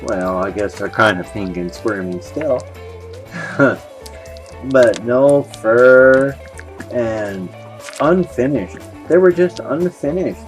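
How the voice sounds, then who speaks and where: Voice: mid-range voice, lively intonation, takes it slowly. A pet vlogger in their fifties, chatting casually and cooing playfully while narrating footage. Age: 50s. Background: background music.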